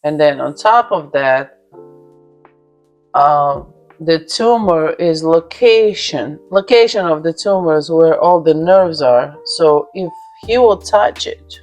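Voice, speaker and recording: A woman's voice: low-pitched, slow, a little mellow, faint music behind. A young woman from Russia with a Russian accent, bluntly telling a personal story and swearing freely. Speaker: vlogger.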